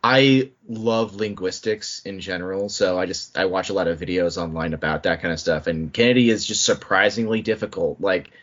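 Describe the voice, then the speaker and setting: A man hosting a podcast in casual chat. He talks in an animated way, with quick asides and laughing restarts. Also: deep voice. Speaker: podcast host. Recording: muffled lo-fi audio.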